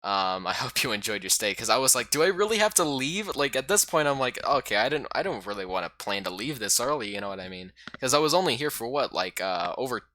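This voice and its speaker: A man casually recapping a game he played as a YouTuber, rambling and excitable with lots of fillers. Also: lowish voice, quick pace, few pauses, dry recording.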